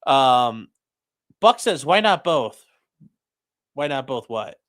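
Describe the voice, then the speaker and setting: A man's voice: mid-range voice, very animated, slow, a bit bright. A young man hosting a late-night livestream, joking crudely and reading chat messages aloud from home. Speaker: livestream host reacting to a trial.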